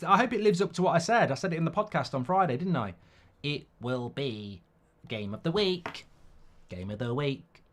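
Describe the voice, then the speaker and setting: A man's voice: mid-range voice, fairly bright tone. A middle-aged man, hosting a football watchalong in a rambling, sweary, casual live-stream chat.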